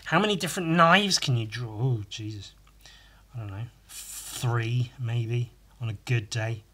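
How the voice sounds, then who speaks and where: A man's voice: mid-range voice, measured pace, pushed and bright, breathy edge. A man hosting a solo podcast while he draws, rambling with profane, self-mocking humor and many asides. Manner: meandering, with many restarts and asides. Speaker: podcast host.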